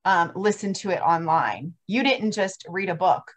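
A woman's voice: lowish voice, expressive, unhurried. Emphatic woman hosting a support group. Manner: emphatic, insistent interjections. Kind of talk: casual group chat. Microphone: video call.

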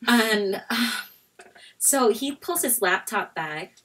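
A young woman, a guest on a casual chat show, telling an animated story and breaking into shouted quotes. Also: on the high side, takes it slowly.

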